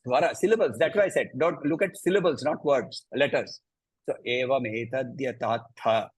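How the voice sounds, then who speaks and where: A man with an Indian English accent teaching a scripture class, chanting verses slowly and then explaining them with lively emphasis. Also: medium pitch, husky, dry recording, rough recording. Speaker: Gita teacher.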